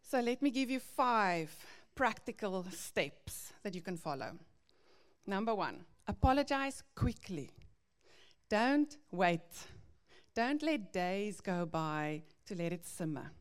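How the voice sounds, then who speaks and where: Slow, earnest woman teaching on faith. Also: medium pitch, animated. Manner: earnest, gently confessional, reads Bible verses. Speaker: speaker teaching parents. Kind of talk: devotional teaching talk.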